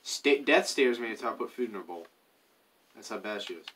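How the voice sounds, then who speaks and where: A man's voice: fairly low pitch, animated, fairly quick, fairly bright tone, slight background noise. Rambling gamer man, mic slightly distant. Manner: rambling, chatty, muttering to himself, hums while playing. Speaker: gaming YouTuber. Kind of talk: casual gameplay commentary.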